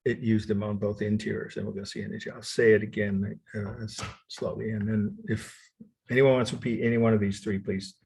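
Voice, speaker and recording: A man lecturing on art history over a video call, repeating definitions slowly and correcting himself. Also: on the low side, level tone, creaky, darkish tone, husky. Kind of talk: online lecture. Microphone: computer mic on video call.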